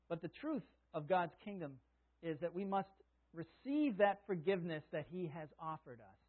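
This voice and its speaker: A man with a high-pitched, husky voice delivers a sermon, reading scripture and then explaining it in easy, conversational asides. The sound is thin and tinny, like a phone call. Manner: conversational preaching, reads scripture aloud, chuckles at own asides. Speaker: preacher.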